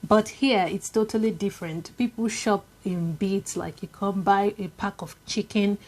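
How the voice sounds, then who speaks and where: A woman's voice: medium pitch, steady tone, moderate pace, darkish tone. A young woman with a Nigerian accent, chatting casually to camera in a vlog, with many fillers and repetitions. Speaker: vlogger.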